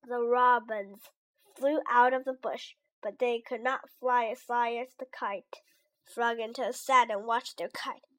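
A woman reading a children's storybook aloud in a slow, clear and deliberate way. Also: on the high side, steady tone.

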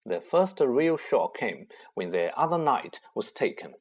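A man narrating a children's story in an expressive, unhurried way. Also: medium pitch, breathy edge. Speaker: audiobook narrator.

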